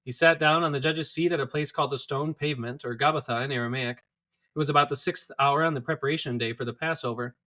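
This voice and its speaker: A man reading scripture aloud in a steady, clear manner. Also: fairly high pitch, fast. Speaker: scripture reader.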